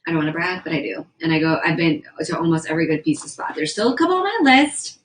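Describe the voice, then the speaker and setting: A woman's voice: deep voice, sing-song, fast talker, slight background noise, rough recording. A young woman livestreaming, chatting casually and rambling as she reads viewer comments aloud from indoors. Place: indoors at a house.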